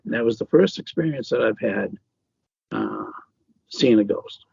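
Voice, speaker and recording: A man being interviewed as an author, talking casually in a halting way with many fillers and restarts. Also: lowish voice, huge pitch swings, vocal fry, a little mellow, breathy edge, no echo, lo-fi sound. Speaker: author guest.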